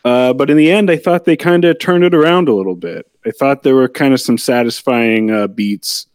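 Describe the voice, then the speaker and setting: A man's voice: mid-range voice, moderate pace, no room sound. Candid man reviewing TV, dry sound. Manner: relaxed, candid, rambling opinions. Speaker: podcast co-host. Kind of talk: casual TV episode review chat.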